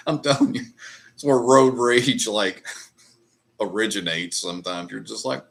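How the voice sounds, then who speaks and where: A man's voice: fairly low pitch, fairly even intonation, slow, vocal fry, long pauses, a bit bright. A middle-aged man hosting a livestream, chatting casually over whiskey in a rambling, profane ranting way. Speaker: livestream host. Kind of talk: casual chat while drinking whiskey.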